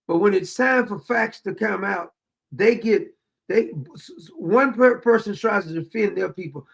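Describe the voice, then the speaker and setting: A man's voice: high-pitched, vocal fry, fairly bright tone. A man hosting a political commentary show, talking bluntly and defiantly in a profane, unscripted rant and often repeating himself.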